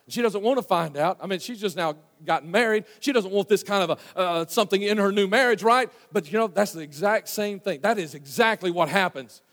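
A man preaching a sermon, telling the story in a folksy way and swinging from loud to hushed. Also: sits high, fairly quick, few pauses. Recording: long hall reverb.

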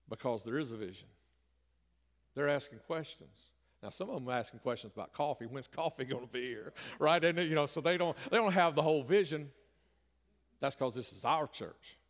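A middle-aged man, a pastor giving a folksy, conversational sermon that swells into emphatic bursts. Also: on the high side. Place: church sanctuary. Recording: reverberant church hall.

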